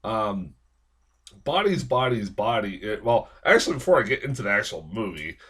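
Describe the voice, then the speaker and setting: A man's voice: fairly low pitch, big pitch swings, moderate pace, a bit bright, slightly rough. Profane, rambling man reviewing a movie. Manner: rambling and heavily profane, with frequent fillers; exasperated ranting. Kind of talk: casual spoken film review.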